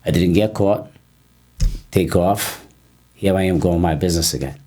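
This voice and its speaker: A man, a personal trainer, telling his life story as a guest in a casual interview, halting and repeating words as he goes. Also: deep voice, mellow. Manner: halting, repeats words, breaks off mid-sentence.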